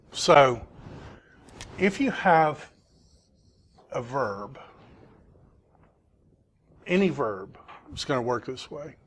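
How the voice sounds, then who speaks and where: A man teaching a Greek class, asking students questions and patiently explaining grammar. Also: medium pitch. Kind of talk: classroom lesson.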